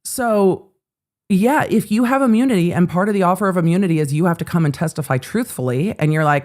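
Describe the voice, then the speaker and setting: A woman's voice: on the low side, fairly quick. Chatty woman host riffing with her livestream chat. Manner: chatty, swearing, animated asides to chat. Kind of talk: casual livestream legal commentary.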